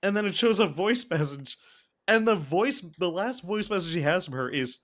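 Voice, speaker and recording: A man's voice: sits high, animated, moderate pace, fairly bright tone. A man co-hosting a casual movie-review podcast, mocking a film in a rambling, sarcastic way with lots of fillers. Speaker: podcast co-host.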